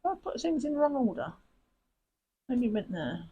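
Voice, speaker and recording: A woman's voice: fairly high pitch, sing-song, normal speed, background noise. A woman hosting a crafting channel, chatting in a rambling, self-mocking way while she sorts her supplies. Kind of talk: casual chat while sorting craft supplies.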